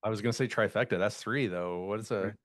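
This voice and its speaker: A man's voice: fairly low pitch, fast talker, no echo, studio quality. A man co-hosting a podcast, chatting casually and crudely, joking and saying dude a lot. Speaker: podcast co-host. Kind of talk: casual chat.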